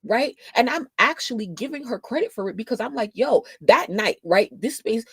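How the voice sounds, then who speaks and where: A woman hosting a casual livestream, talking bluntly with lots of swearing, moving from quiet explaining to loud scolding of commenters. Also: a little high, expressive, normal speed, creaky, husky, no echo. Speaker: livestream host.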